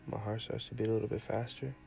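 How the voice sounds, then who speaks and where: A man's voice: on the low side, steady tone, quick pace, gravelly, darkish tone, faint music behind. A man playing a young groom who is lovestruck and earnest.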